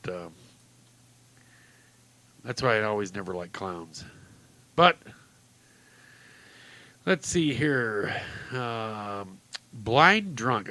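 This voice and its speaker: A man's voice: lowish voice, sharp tone. A man hosting a casual talk-radio show, reading odd stories aloud, chuckling often and rambling loosely.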